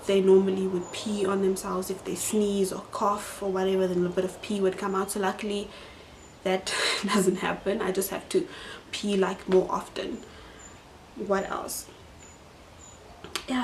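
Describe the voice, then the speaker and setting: A woman's voice: medium pitch, a little hiss or hum. A young adult woman with a South African accent, chatting casually to camera in a vlog and filling her talk with "like". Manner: chatty, lots of "like" fillers. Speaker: YouTuber.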